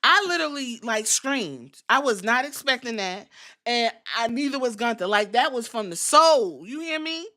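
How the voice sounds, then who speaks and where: Bright, high-voiced woman podcast host. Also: normal speed. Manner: animated, profane, storytelling. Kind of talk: casual wrestling show recap.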